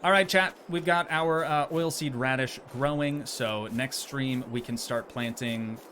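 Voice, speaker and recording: A man's voice: medium pitch, unhurried, a bit bright, a little hiss or hum. Chatty man streaming a farming game. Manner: chatty, joking, reads and answers chat messages. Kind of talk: casual live-stream chat while playing.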